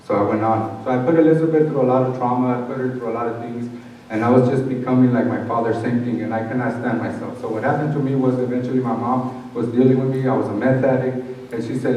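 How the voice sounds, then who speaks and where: A man's voice: medium pitch, steady tone, fast talker, dull audio. A middle-aged man gives a personal testimony to an audience, acting out the voices of people from his past as he tells the story. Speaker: speaker sharing his life story. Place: large hall at a summit. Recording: echoey hall, from far off.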